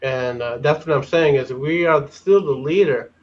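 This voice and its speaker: A man's voice: a little high, moderate pace, dull audio. A man on a panel, giving his opinions in casual chat, talking hesitantly with repeated words and restarts. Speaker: panel guest.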